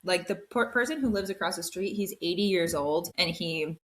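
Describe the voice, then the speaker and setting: A young woman, a podcast co-host, chatting casually and telling an eerie story in an animated way, peppered with "like". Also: on the low side, moderate pace. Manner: animated storytelling, acts out quoted voices, frequent "like".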